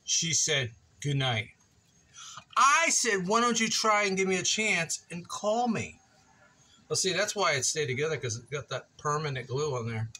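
A man's voice: a little high, sing-song, moderate pace, sharp tone. A man chatting casually to his viewers while building a wooden project at his kitchen table, playful and joking at himself. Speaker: woodworking vlogger.

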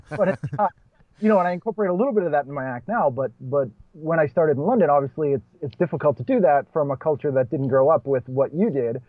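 Speaking quickly with a voice on the high side, a Boston stand-up comedian talks casually as a podcast guest, often restarting sentences and laughing between points. The recording is dry, with dull, muffled podcast sound.

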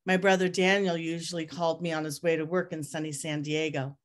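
At a group reading, a woman reads aloud from her own memoir in a low voice. She delivers it in a measured, reflective way, keeping a steady pace through each line.

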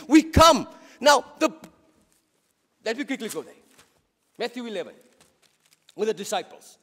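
A South African man preaches a sermon in a church, his voice pitched unusually high for a man. He talks with fervour, trips over words and repeats them before pushing on. His voice rings out with a long reverb through the church. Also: fairly bright tone. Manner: impassioned, with frequent stumbles and repeated words. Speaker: deacon preaching.

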